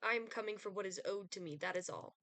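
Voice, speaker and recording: A woman's voice: medium pitch, fast, a bit bright, dry recording, natural voice. A woman reading the lines of a haughty male Grim Reaper in a game, pompous and theatrically threatening, in a dry close recording. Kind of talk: dramatic reading of game dialogue.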